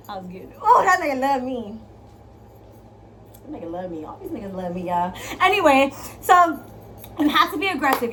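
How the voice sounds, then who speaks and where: A young woman vlogger giving dating advice in a brash, profane, playful monologue, swinging from loud to hushed. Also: sits high, a little hiss or hum. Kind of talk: casual storytelling monologue.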